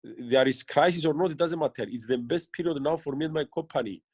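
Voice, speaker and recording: A man's voice: on the high side, brisk, darkish tone, slightly rough, no room sound. Earnest man giving coaching advice. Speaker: interviewed business leader. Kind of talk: motivational interview answers.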